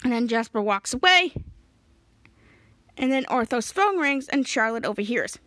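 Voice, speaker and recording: A woman's voice: on the high side, expressive, moderate pace, pauses often, fairly bright tone, no echo. A woman podcast host casually retelling a TV episode scene by scene. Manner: retells scenes step by step, acting out lines.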